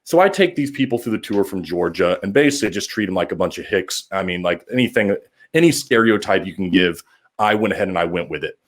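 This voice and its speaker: A man hosting a podcast, telling a rambling story with lively acted-out quotes. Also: low voice, quick pace. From Orlando area. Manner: rambling, animated, acts out quotes. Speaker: podcast host. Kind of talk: casual storytelling.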